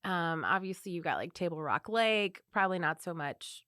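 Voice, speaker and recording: A woman with a St. Louis accent hosting a podcast, chatting warmly and encouraging her guest. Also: lowish voice, animated, no echo, clean studio sound. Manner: warm, encouraging, quick affirmations. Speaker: podcast host. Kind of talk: casual interview chat.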